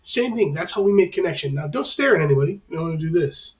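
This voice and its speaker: A man's voice: on the high side, lively intonation, fast. A male teacher giving instructions to his class on camera in a reassuring, conversational way. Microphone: camera facing the speaker. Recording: dull, lo-fi, mic at a distance.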